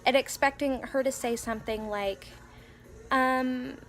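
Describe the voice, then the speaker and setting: A woman's voice: sits high, steady tone, measured pace. A young woman, a mother of three young children, casually telling a story in a home vlog, rambling with many fillers and restarts. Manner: quotes her child in a soft whisper. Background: faint music playing.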